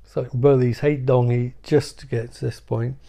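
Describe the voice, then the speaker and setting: A man giving an excitable, profane, rambling comedic recap of a film. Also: mid-range voice, moderate pace, vocal fry. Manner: excitable, sweary, rambling asides. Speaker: movie recap commentator.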